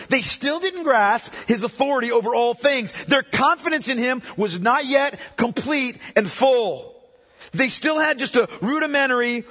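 A man preaching a sermon in a conversational way, moving between hushed, slow passages and emphatic, urgent ones. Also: very high-pitched. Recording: echoey hall with long reverb.

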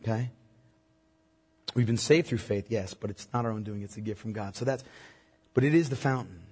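A man's voice: fairly low pitch, brisk, a little mellow, slightly rough, long reverb tail. A male pastor preaching a sermon, emphatic and checking in with the congregation through repeated questions.

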